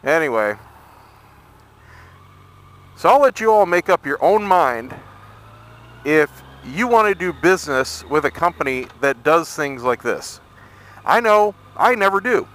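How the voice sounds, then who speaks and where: A man's voice: fairly high pitch, big pitch swings, fairly bright tone. Irritated man vlogging while riding. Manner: irritated but measured, recounting a complaint. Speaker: motovlogger. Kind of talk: casual vlog storytelling while riding. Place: on a motorcycle in town traffic.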